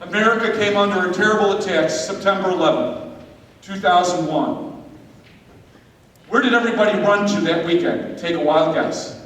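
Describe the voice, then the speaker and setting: High-voiced man preaching in echoey hall. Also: normal speed, long pauses. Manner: energetic, joking, directing volunteers. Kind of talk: preaching and leading a skit. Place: large hall with an audience. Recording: echoey hall from far off, noisy.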